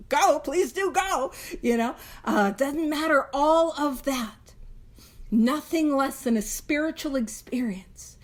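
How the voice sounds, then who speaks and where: Earnest woman hosting a recovery talk. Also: high voice. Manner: earnest, repeats phrases, laughs lightly. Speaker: podcast host leading a recovery book study. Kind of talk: casual heartfelt talk.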